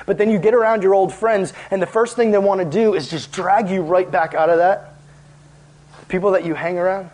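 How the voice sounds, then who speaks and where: A man preaching as a youth pastor in a casual, animated, conversational way, with lots of filler words. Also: sits high, fairly quick, poor audio. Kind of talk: casual sermon.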